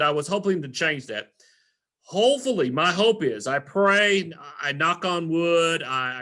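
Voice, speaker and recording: A man's voice: a little high, bright, forceful tone. Earnest man addressing parents. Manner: earnest, repetitive, self-correcting. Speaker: elementary school principal. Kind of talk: recorded presentation to parents.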